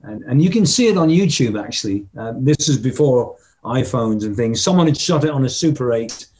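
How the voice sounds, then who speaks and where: Brief: older male musician guest, mid-pitched voice, lively storyteller who scats drum beats. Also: brisk. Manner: animated anecdotes, mimics drum patterns vocally. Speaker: interview guest, rock drummer. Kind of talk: casual storytelling interview.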